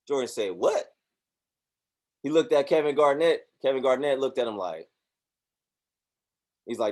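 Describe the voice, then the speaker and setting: A man giving a motivational talk, preachy and animated, acting out voices in his stories. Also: mid-range voice, a little slow, long pauses. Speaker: motivational speaker.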